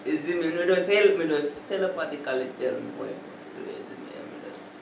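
A man's voice: a little high, expressive, quick pace, gravelly, background noise. A man, laughing and joking in patois during a playful vlog challenge. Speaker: vlogger. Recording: echoey room from a distance.

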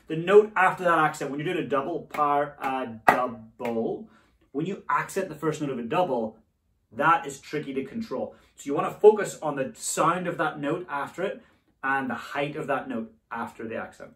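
A man's voice: on the high side, moderate pace, a bit bright, slight background noise. Man teaching a drum lesson in an echoey room. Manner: encouraging, coaching, counts rudiments aloud. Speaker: drumming teacher. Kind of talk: instructional lesson. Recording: echoey room, voice a bit far from mic.

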